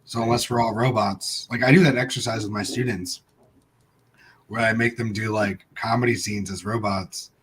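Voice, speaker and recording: A man's voice: lowish voice, normal speed, slight background noise. A man who teaches improv comedy, talking casually and jokingly with many fillers. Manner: animated, filler-heavy, joking. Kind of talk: casual chat on a live show.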